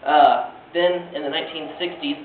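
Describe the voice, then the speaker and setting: A man's voice: a little high, steady tone, moderate pace, a little hiss or hum. Young man giving a class presentation. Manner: earnest, with frequent "uh" fillers. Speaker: student giving a class speech. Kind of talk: presentation speech. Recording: distant tinny echoey classroom recording.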